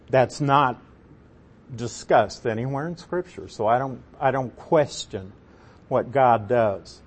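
Slow, husky man teaching from scripture. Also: mid-range voice, darkish tone. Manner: deliberate, emphatic, asks the audience questions. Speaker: Bible teacher. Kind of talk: teaching sermon.

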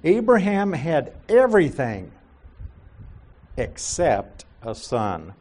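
A male Bible teacher talks slowly through a passage in a lively, rising and falling voice. He explains each point patiently and keeps turning it back to his listeners with questions. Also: on the high side.

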